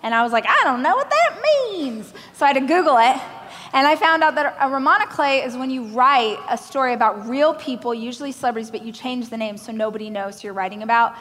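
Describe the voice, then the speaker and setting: A woman from Oklahoma giving a keynote speech on a large stage, telling stories with animated, self-deprecating humor. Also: a little high, fast talker, slight background noise. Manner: animated storytelling, acting out other people's lines. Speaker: motivational speaker. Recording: reverberant hall from a stage.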